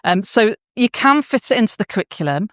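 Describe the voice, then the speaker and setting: A woman's voice: mid-range voice, sing-song, a little fast, dry recording, clean studio sound. A woman giving a conference talk to teachers, telling emotional classroom anecdotes with frequent restarts and fillers. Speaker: conference speaker. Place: conference hall.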